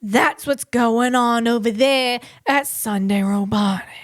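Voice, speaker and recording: Excitable high-voiced woman podcaster. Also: slow, dry recording, clean studio sound. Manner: bubbly, excitable, rambling with playful asides. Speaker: podcast host and comedian. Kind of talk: solo comedic tech podcast chat.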